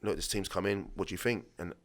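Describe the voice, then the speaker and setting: A man's voice: sits low, steady tone, fast talker. A man in his late thirties, a former footballer and podcast guest, telling rambling stories in a casual way and acting out the dialogue he quotes. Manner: rambling anecdotes, restarts, acts out quoted dialogue. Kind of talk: casual conversational storytelling.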